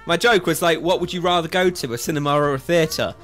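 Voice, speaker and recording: A man's voice: on the high side, fast talker, fairly bright tone, soft background music. A man with a British accent co-hosting a casual podcast over internet voice chat, sardonic and swearing freely. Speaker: podcast co-host.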